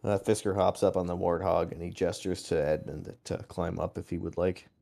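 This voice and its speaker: A man playing a tabletop game, describing his character's actions in a measured, detailed way. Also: sits low, fairly even intonation, gravelly, mellow. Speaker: player. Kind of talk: casual tabletop game narration.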